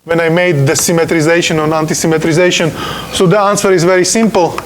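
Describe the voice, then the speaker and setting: A man's voice: on the high side, fairly even intonation, fast talker, a little hiss or hum. A man who is not a native English speaker, lecturing on physics in an informal, joking way and often checking in with "okay?". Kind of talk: university lecture. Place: lecture room.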